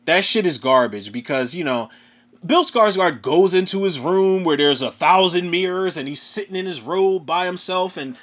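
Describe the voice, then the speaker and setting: A man with a Philadelphia accent ranting casually through a film review, animated and profane, ending his phrases with "man". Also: high voice, moderate pace. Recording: dull lo-fi recording.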